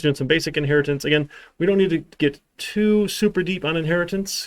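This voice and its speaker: Gravelly sarcastic male programming teacher. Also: mid-range voice, no echo. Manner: sarcastic, rambling, with dry asides. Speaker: programming instructor. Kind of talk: live-streamed classroom lecture.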